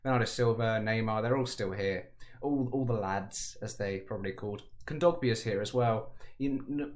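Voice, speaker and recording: A man giving casual, rambling commentary on a football management game, chatty and self-mocking with frequent asides. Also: on the low side. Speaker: gaming commentator.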